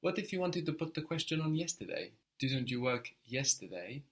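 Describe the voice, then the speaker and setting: A man teaching a language lesson, prompting a learner and repeating answers slowly and patiently. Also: a little high, big pitch swings, a bit bright.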